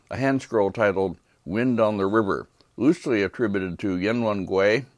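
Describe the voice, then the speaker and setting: An older man lecturing on art history from a prepared script, with calm, measured delivery and brief asides asking for the next slide. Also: lowish voice, no room sound, studio quality. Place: lecture hall.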